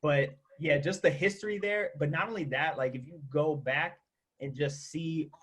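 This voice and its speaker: A man's voice: a little high, normal speed, a bit bright. A man on a casual podcast panel, thinking aloud and rambling through his points. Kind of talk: casual debate chat.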